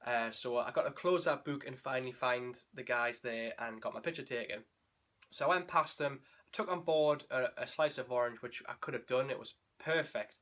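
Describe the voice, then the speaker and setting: A man's voice: mid-range voice, normal speed, fairly bright tone. Candid man recapping a race. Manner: candid, emotional, rambling with restarts. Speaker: running vlogger.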